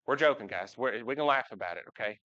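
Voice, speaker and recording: Speaking quickly in an animated, pushed and bright mid-range voice, a man gives a casual live sermon, engaging the congregation in conversation and questions. It was recorded live in a church sanctuary, with a dull, lo-fi sound.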